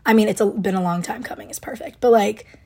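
A woman's voice: medium pitch, fast, warm tone. A young woman hosting a podcast, gushing and rambling in casual fan chat, full of likes and ums. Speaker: podcast host.

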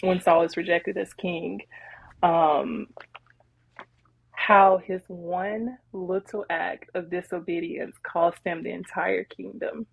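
A woman co-hosting a podcast, retelling a Bible story in casual chat with animated, laughing energy. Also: lowish voice, takes it slowly, creaky, husky, no room sound, rough recording. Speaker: podcast co-host.

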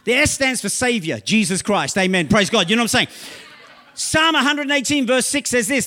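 A male pastor preaching a sermon, often checking in with "right?" and reading scripture slowly, with loud emphatic outbursts. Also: extremely high pitch, lively intonation. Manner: bursts into loud shouts.

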